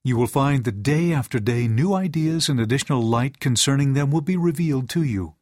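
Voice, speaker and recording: A man reading lesson material and quotations aloud in an even, measured way. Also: mid-range voice, no room sound, clean studio sound. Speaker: reader of a teaching manual.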